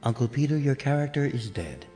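A man's voice: medium pitch, big pitch swings, a little fast, dark tone, in a large hall, faint music behind, natural voice. A man playing a young game master who dryly narrates what happens to a player's character. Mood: deadpan.

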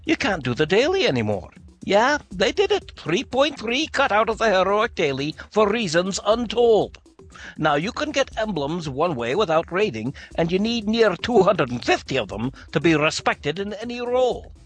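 A man with a husky, fairly high voice co-hosts a casual gaming podcast. He reads listener mail with playful asides, and his pitch bounces a lot. Faint music sits under the talk. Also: sing-song, moderate pace. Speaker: podcast co-host.

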